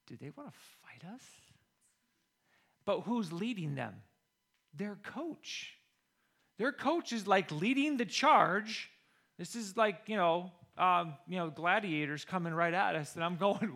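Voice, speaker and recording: A football coach, a man, telling a personal story in a lively way and acting out the quoted voices of others. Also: fairly high pitch, vocal fry. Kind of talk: storytelling talk.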